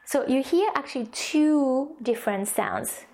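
A woman's voice: sits high, expressive, measured pace, dark tone. French-accented woman teaching a language course. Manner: explains step by step with many fillers and restarts. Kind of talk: recorded online course lesson.

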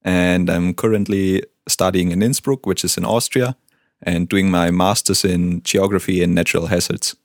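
Young german guy from bavaria, low voice, dry mic, says words clearly for learners. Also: fairly even intonation, moderate pace, dry recording. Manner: short clear model pronunciations. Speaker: native-speaker language tutor.

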